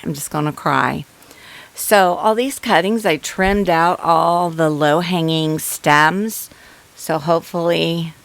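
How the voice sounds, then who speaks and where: A woman talks her viewers through her garden with chatty, easy excitement. Her voice sits a touch low and she takes her time with each thought. It sounds like a phone held at arm's length outdoors. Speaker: gardening vlogger. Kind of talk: casual garden walkthrough.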